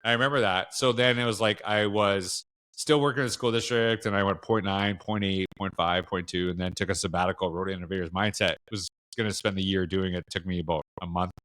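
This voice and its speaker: A man's voice: sits low, fairly even intonation, a little fast, fairly bright tone. A middle-aged man with a Canadian accent, a podcast guest talking casually, rambling with many fillers and restarts. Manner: rambling, lots of fillers and restarts, acts out quoted dialogue. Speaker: podcast guest, education speaker. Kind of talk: casual interview chat.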